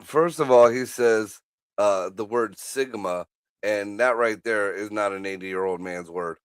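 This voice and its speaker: A man co-hosting a live stream, throwing in deadpan, profane jokes. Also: fairly low pitch, a little slow, clear, resonant tone, no echo. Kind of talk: crude casual banter.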